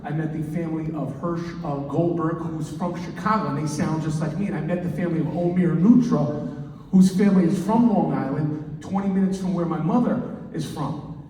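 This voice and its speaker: A middle-aged man doing live stand-up storytelling in a loud, animated way, repeating words as he talks. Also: fairly high pitch, normal speed. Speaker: comedian and storyteller. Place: large hall, indoors. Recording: echoey hall from far off.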